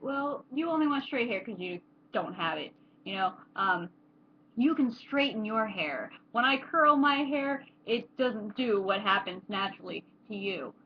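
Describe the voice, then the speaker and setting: A woman's voice: a little high, animated, measured pace, dull audio, a little hiss or hum. A young adult woman chatting casually to camera in a rambling way, with many fillers. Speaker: vlogger.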